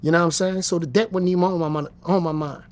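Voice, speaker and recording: A man's voice: high voice, fairly even intonation, quick pace. A man, telling his story bluntly and profanely as an interview guest. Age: 50s. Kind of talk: casual storytelling.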